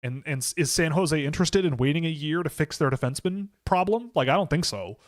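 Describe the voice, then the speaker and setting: A man's voice: a little high, lively intonation, brisk. A man hosting a casual live stream about hockey, talking in a rambling way and often correcting himself with lots of fillers.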